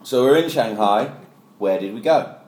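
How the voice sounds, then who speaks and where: A man's voice: mid-range voice, animated, normal speed, darkish tone. A man co-hosting a casual podcast chat, teasing his friends and retelling stories with put-on voices. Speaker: podcast co-host. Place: home studio. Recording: roomy echo.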